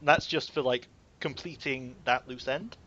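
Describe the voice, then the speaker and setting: Male game master, casual and rambling, bright voice on dull lo-fi audio. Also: medium pitch, steady tone, a little slow, no echo. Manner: rambling, playful, many fillers. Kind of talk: running a tabletop game.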